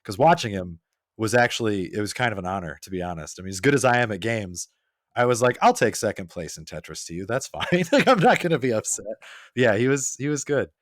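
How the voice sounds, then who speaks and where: A man's voice: lowish voice, a little fast, dry recording, clean studio sound. A man guesting on a podcast, chatting casually and acting out quoted lines as he tells stories. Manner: animated storyteller who acts out quotes.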